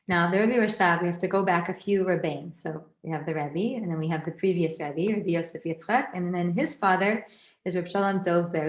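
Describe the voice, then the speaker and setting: Woman teaching a torah class, chatty and animated, lots of restarts, roomy echo. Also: lowish voice. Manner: lively, conversational, many restarts and asides. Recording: roomy echoey recording.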